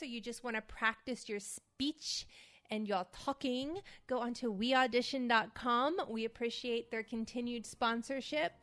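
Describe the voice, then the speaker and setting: A woman hosting an acting podcast, casually explaining a vocal warm-up, sometimes loudly overemphasizing syllables to demonstrate. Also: fairly high pitch. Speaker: podcast host and acting coach. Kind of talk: casual instructional podcast talk.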